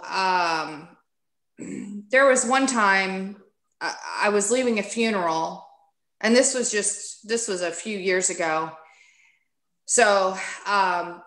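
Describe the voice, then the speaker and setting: A woman guest on a podcast, candidly telling a personal story in a casual, animated way and acting out what people said. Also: medium pitch, echoey room. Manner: candid, animated, acts out quoted speech.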